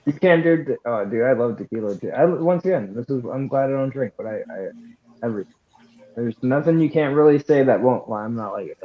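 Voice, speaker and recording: A man's voice: mid-range voice, a little fast, narrow, tinny audio. A man chatting casually on a podcast, chiming in with enthusiastic remarks. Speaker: podcast co-host. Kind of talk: casual chat.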